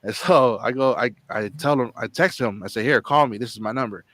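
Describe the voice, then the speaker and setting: A man's voice: medium pitch, brisk, fairly bright tone, dry recording. A man hosting his own channel, telling a long rambling story in casual chat, repeating words and acting out what people said. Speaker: channel host.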